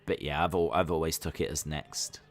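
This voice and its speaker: A man hosting a casual live watch-along stream, calling the action and answering chat questions, sometimes jumping into high-pitched disbelief. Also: a little fast. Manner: breaks into high-pitched disbelief when excited. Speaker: live stream reaction host.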